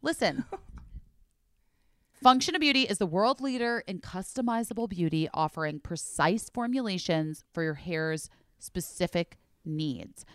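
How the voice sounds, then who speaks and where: Bubbly chatty woman, smooth dry voice. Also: fairly low pitch, animated, measured pace, dry recording. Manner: drops to a quiet voice for emphasis. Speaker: podcast host reading ads. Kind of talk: casual chat ad read.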